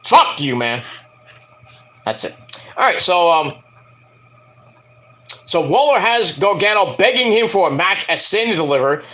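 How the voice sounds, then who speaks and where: Casual male reviewer, bright and lively, profane and rambling. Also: high-pitched, a little slow, pauses often. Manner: profane, ranting, hesitant with fillers. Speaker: wrestling review vlogger.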